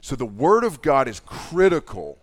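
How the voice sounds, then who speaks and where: Man, camp speaker, casual folksy storytelling, lively delivery, talking to young women. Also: mid-range voice, moderate pace. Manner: animated, folksy storytelling with slangy asides. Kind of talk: casual talk to teen girls at a camp. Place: camp meeting hall.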